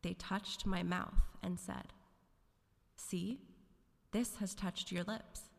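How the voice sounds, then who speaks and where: Woman reading scripture in church, slow deliberate dramatic delivery, lowish voice, long hall reverb. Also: fairly even intonation, gravelly. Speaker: scripture reader. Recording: reverberant sanctuary.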